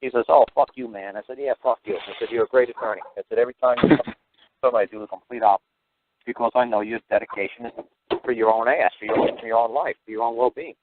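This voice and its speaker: A man hosting a call-in radio show, telling stories in a blunt, profane, animated way. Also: mid-range voice, fast talker, very noisy. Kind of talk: call-in radio talk, storytelling. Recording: tinny phone-line radio audio.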